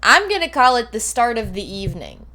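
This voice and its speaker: A woman's voice: on the high side, big pitch swings, brisk, background noise. A woman in her twenties chatting casually on a livestream, rambling and playful, swearing now and then. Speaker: streamer.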